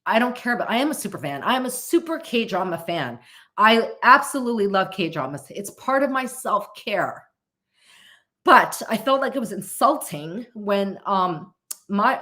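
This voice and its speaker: A woman's voice: medium pitch, animated, normal speed, sharp tone. A woman hosting a podcast in casual chat, earnest and openly emotional, rambling with restarts. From United States. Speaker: podcast host.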